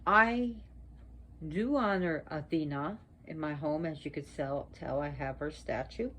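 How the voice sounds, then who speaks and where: Slow, low-voiced woman presenter. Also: fairly bright tone, slight background noise. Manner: slow, deliberate, repeats pronunciations for emphasis. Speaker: video presenter on mythology and witchcraft. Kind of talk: casual educational talk to viewers. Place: at home.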